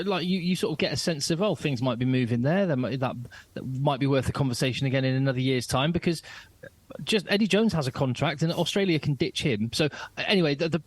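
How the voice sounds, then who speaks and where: A man co-hosting a podcast in casual chat, animated and quick to jump in, with lots of restarts. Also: medium pitch, husky, no room sound. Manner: animated, talks over his co-host, many restarts. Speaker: podcast co-host, radio presenter.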